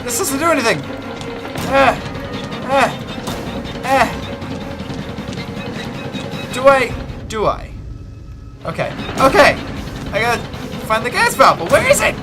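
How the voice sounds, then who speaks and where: A man's voice: very high voice, sing-song, slow, long pauses. A man commentating a horror game, muttering and swearing nervously to himself. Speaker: let's play gamer. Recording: game music behind voice.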